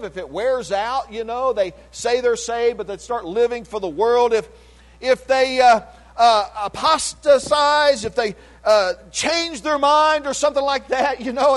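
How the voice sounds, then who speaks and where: High-voiced older male preacher. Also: a bit bright. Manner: earnest, emphatic preaching with frequent restarts, asks the congregation for agreement. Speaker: pastor. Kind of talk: sermon.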